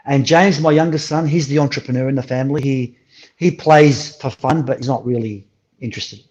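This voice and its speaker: A middle-aged man, an animated storyteller who swears freely, talking as a guest on a remote call. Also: mid-range voice, a little fast. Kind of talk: casual interview over a call. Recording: dull lo-fi call audio.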